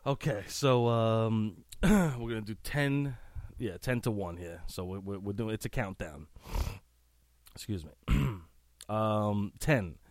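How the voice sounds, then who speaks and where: A man hosting a casual solo podcast, reading out lines with crude asides, sniffly and clearing his throat often. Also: on the low side, takes it slowly, dry recording, studio quality. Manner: crude, laughing, breaks off into asides. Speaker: podcast host.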